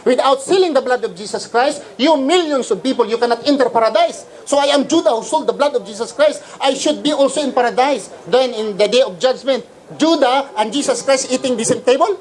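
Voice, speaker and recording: A man's voice: extremely high pitch, a little fast, hardly any pauses, rough recording. A man with a Filipino accent preaching a polemical religious lecture, firing rhetorical questions at his audience. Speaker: Islamic preacher.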